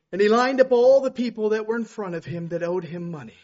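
A man preaching a sermon with passion, swinging from loud exclamations to hushed storytelling. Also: sits high, fast talker, few pauses. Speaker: pastor. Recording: dull lo-fi recording.

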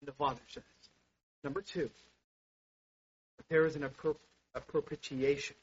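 High-voiced preacher, muffled recording. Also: male voice, flat delivery, normal speed, husky. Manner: impassioned, swings from hushed to loud exclamations. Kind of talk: sermon. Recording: dull lo-fi sound.

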